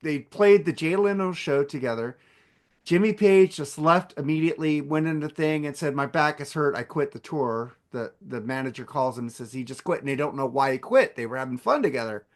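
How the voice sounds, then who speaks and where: High-voiced swearing podcast storyteller man. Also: brisk. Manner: animated storytelling, heavy swearing. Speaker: podcast host. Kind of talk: casual podcast chat.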